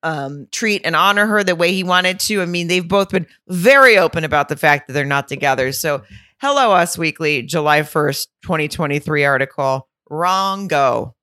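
A woman co-hosting a podcast in casual chat, blunt and quick to swear. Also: low voice, pushed and bright, dry recording, studio quality. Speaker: podcast co-host.

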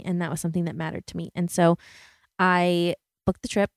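A woman's voice: lowish voice, level tone, brisk, creaky, dry recording, studio quality. A woman in her thirties hosting a solo podcast, talking in an earnest, chatty way and often filling with "like" and "you know". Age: 30s. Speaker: podcast host. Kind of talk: reflective solo podcast monologue.

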